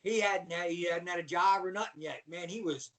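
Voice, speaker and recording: Middle-aged ex-wrestler guest from Baltimore, slangy storyteller with a high voice, sitting back from the mic. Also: male voice, fairly quick, recorded from a distance, low-quality recording. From Baltimore, USA. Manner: animated storyteller, slangy, says "man" a lot. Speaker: podcast guest, former wrestler. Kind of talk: casual storytelling interview.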